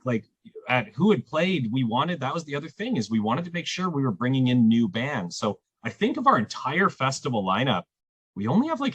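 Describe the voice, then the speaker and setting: Animated, husky-voiced man. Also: no room sound. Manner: animated storyteller, jumps pitch when quoting others. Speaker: festival programmer. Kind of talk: casual podcast chat.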